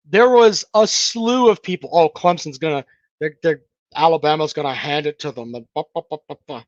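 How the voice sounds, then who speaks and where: A man's voice: high voice, no room sound. Man, sarcastic, swearing, casual sports talk, dry muffled mic. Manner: blunt, sarcastic, swears freely, mocks callers' takes. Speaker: sports talk show host reading live chat.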